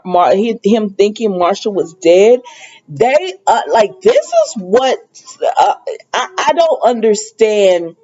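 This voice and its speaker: A woman chatting through a casual TV show recap, animated and laughing between sentences. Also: a little high, dull audio. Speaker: TV show reviewer.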